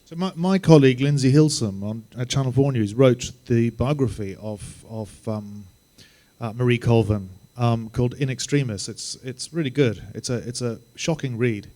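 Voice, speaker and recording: A man speaking on a panel as a journalist, talking in a measured, hesitant way with ums. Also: medium pitch, warm tone. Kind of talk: panel talk.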